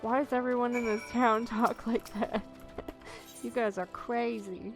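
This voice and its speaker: A woman's voice: fairly high pitch, fairly even intonation, a little slow, gravelly, over music. A woman hosting a casual let's play, joking and laughing at the game's dialogue. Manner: giggly, jokey, reacts to game dialogue. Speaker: gaming channel host.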